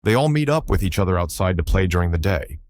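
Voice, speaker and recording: A man reads documentary narration in a measured, explanatory way. His voice is very deep. The recording is dry and close. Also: animated, a little mellow, dry recording. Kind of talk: scripted narration.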